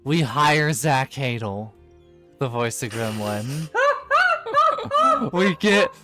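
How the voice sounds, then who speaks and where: A man's voice: medium pitch, animated, very slow, over loud music. A man in casual gaming chat, rambling and laughing, with many fillers as he plays. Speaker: game streamer.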